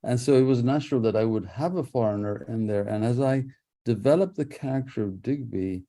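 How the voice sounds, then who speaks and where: A man speaking as an author guest on a radio interview, thoughtful and unhurried, with restarts and soft laughs. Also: medium pitch. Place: radio studio.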